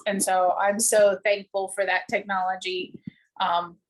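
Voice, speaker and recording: A woman's voice: mid-range voice, level tone, measured pace, slight background noise, low-quality recording. Emotional woman hosting a video call. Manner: warm, emotional, moved. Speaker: host of the call. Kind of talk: casual moderation on a video call.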